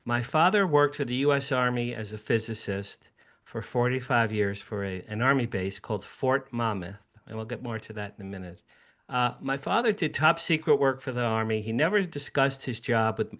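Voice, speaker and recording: A man in his sixties from New Jersey, a guest telling a story in an interview over a video call at home, animated and acting out his younger self with sudden high bursts. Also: moderate pace. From New Jersey, USA. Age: 60s. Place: home room with a drum set.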